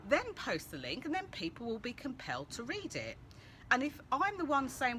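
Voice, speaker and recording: Lively woman coaching on a livestream. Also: on the high side, moderate pace. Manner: chatty and animated, addressing viewers by name. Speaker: visibility coach hosting a live Q&A. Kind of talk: casual live-stream coaching talk. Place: outdoors-adjacent room with street noise. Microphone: phone or laptop live stream. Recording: faint background street noise.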